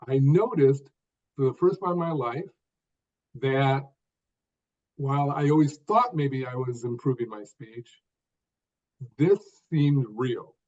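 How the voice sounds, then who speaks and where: Older man speaking in deliberate phrases. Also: mid-range voice, lively intonation, a little mellow, dull audio. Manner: speaks in short deliberate phrases with stressed words. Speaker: guest author. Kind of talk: podcast interview storytelling.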